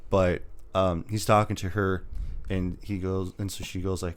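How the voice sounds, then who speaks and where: A man with a fairly low voice chats about a film as a podcast co-host. He rambles, laughs often and slips into quick acted-out lines from the scenes he retells. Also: little pitch movement. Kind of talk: casual movie review chat.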